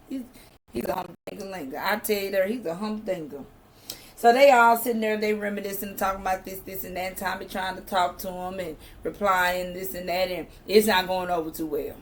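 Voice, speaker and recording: Southern woman reviewer, casual recap, emphatic, mid-range voice, lots of fillers. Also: medium pitch. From American South. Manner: chatty and emphatic, with frequent fillers and slang. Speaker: TV show reviewer.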